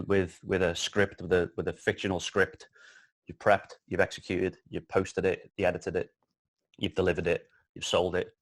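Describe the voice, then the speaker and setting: A man in his thirties with a Liverpool accent, chatting casually as an interview guest, rambling with lots of restarts and the odd swear. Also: deep voice. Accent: Liverpool (Scouse). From Liverpool, England. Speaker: guest, filmmaker.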